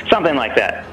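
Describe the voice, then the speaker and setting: A man hosting a podcast in a casual, reflective chat, halting and full of fillers. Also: high-pitched, sharp tone, low-quality recording. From San Francisco. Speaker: podcast host.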